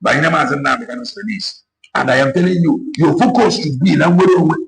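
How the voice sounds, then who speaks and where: A gravelly-voiced man speaks with urgency, mixing Igbo and English and hammering his points through repetition. His voice sits a little high for a man, and a faint hiss runs behind it. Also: fairly quick, low-quality recording. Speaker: activist speaker. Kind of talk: impassioned political talk.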